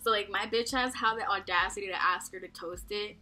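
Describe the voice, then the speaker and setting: A young woman from Texas rambles through a story to her camera, stuffing "like" into every phrase and breaking into giggles. Her voice is bright and sharp. Faint music plays behind her in a small dorm room. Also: medium pitch, a little fast. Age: young adult. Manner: rambling, constant "like", profane, giggly. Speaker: vlogger.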